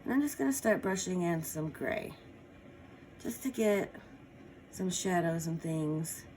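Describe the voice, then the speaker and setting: Unhurried and animated, a woman with a lowish, slightly mellow voice chats her way through a casual painting tutorial. She talks while working and adds small apologetic asides.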